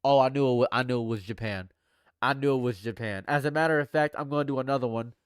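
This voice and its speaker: A young man doing live reaction commentary, jumping between loud exclamations and low repeated mutters while bantering with his chat. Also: fast talker, clean tone, no echo, studio quality. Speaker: livestream commentator.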